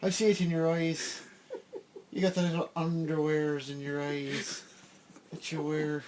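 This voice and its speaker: A man's voice: on the high side, flat delivery, measured pace, pitched below the performer's own voice, natural voice. A man voicing an angry, threatening Irish police officer in an improvised comedy bit. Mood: suspicious. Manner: yelling, accusing, threatening.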